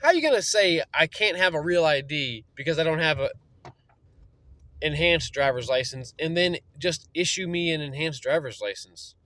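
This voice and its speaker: A man's voice: a little high, animated, dry recording, rough recording. A young man ranting angrily and profanely from inside his car. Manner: heated, profane, talks fast and loud. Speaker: vlogger. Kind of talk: angry rant.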